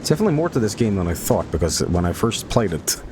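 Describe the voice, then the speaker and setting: A man's voice: fairly low pitch, sing-song, fast, noisy background. A man streaming a horror game, making rambling jokes and chatting between moments. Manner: joking, rambling asides. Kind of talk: casual gameplay commentary.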